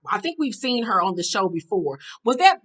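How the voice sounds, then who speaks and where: A woman's voice: mid-range voice, very animated, moderate pace, a bit bright. Blunt, profane woman vlogger. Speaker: vlogger recapping a reality show. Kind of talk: casual storytelling recap.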